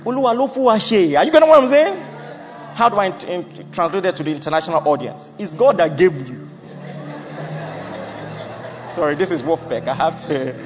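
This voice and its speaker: A man's voice: a little high, expressive, normal speed, pauses often. A man preaching a sermon, emphatic and laughing at his own jokes as he acts out Bible figures. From Nigeria. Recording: muffled hall recording with music.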